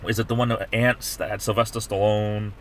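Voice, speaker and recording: Rambling middle-aged man, lowish voice. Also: flat delivery, brisk, a bit bright, slight background noise. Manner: rambling, chatty, many restarts. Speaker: livestream host. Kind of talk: casual chat.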